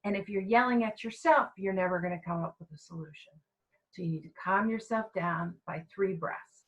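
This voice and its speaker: A woman giving an energetic, emphatic, conversational mindfulness talk to a group of staff. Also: medium pitch, fairly quick, dull audio. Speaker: mindfulness trainer.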